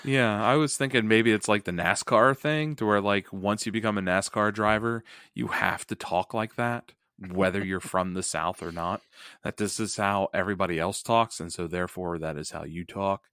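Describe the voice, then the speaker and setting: A podcast co-host with a lowish, clear, resonant voice that's a bit bright chats casually at a moderate pace, joking and laughing often. The sound is clean studio audio with no echo.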